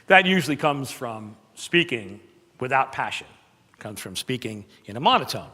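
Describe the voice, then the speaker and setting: A man leads a live seminar on presentation skills, talking in an emphatic, conversational way and slipping in playful asides. His voice sits at a middle pitch for a man. It rings out with a long reverb, as in a large hall. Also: sing-song, moderate pace, pushed and bright.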